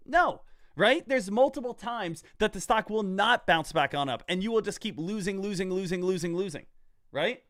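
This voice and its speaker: A man teaching stock trading in a casual, energetic way, talking straight to his viewers and repeating phrases for emphasis. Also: sits high, moderate pace, no echo, clean studio sound. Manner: energetic, talks straight to viewers as "guys" and "team". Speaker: stock trader and trading coach. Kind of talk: casual trading lesson over live charts.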